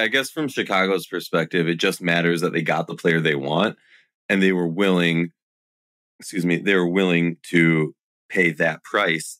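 A low-voiced man with a Minnesotan accent, talking basketball on a casual podcast. His tone is bright and forceful, and he pushes his opinions hard. The sound is dry and close. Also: no echo. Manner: opinionated, animated, self-deprecating. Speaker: podcast host. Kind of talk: casual sports podcast chat.

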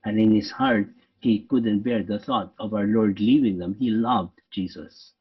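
A man, a priest, leading a guided meditation in a slow, reflective way with frequent pauses. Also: on the low side, steady tone, husky. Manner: slow, reflective, pausing often. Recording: dull, lo-fi sound from a distant mic.

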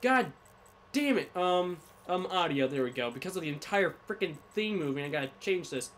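Excitable gamer man yelling at his game. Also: high voice, normal speed. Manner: excitable, swings between muttering and yelling. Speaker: gaming YouTuber. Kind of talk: live gameplay commentary.

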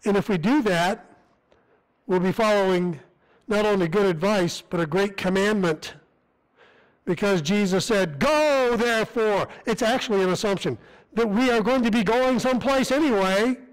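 Here a man with a high-pitched voice gives a sermon as a visiting missionary, moving at a moderate pace. He talks earnestly and conversationally in a church sanctuary, frequently starting over, and the audio is poor.

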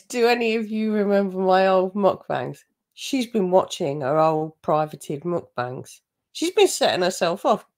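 A woman's voice: fairly low pitch, gravelly. Sarcastic woman commentating. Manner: sarcastic, gossipy asides. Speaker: reaction commentator. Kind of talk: mocking commentary over a video.

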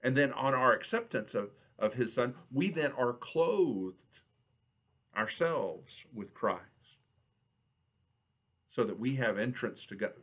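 Man, preacher, church sermon, unhurried, repeats words, mid-pitched voice. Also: animated, fairly bright tone. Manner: measured, reads scripture slowly, frequent word repeats.

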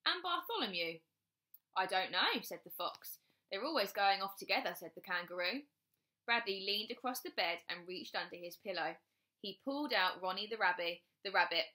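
A woman teacher reading a children's chapter book aloud with expressive storytelling. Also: lowish voice.

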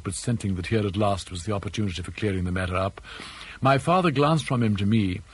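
A man reading an audiobook in scripted narration with a measured, precise delivery. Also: on the low side, breathy edge, rough recording. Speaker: audiobook reader.

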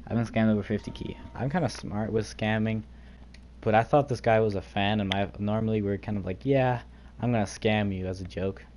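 A man's voice: lowish voice, darkish tone, a little hiss or hum. Young male streamer, joking banter. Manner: joking, rapid banter with friends. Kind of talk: casual gaming livestream chat.

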